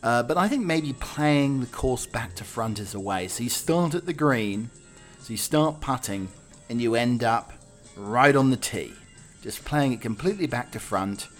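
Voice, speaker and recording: A British man chats his way through the day's odd stories, wry and loose, leaning on fillers as he goes. His voice sits at an ordinary pitch for a man, with faint music under it. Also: animated, normal speed. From United Kingdom. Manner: chatty, wry, with many fillers. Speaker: host. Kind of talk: casual chat.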